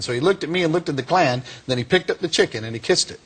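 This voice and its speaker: A man giving a speech, telling a story to an audience in an animated, chuckling way. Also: medium pitch, fast, few pauses, a little hiss or hum. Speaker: speaker.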